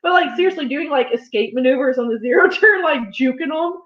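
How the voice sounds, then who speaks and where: A young woman co-hosting a farm livestream in casual chat, animated and laughing often. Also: high voice, quick pace. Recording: roomy, slightly dull livestream audio.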